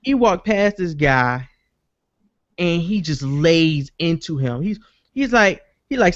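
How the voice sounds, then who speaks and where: Speaking slowly in a fairly high-pitched voice, a male podcast host tells a lively story in casual chat, cursing freely and performing what others said. There's no echo, but the highs are cut off.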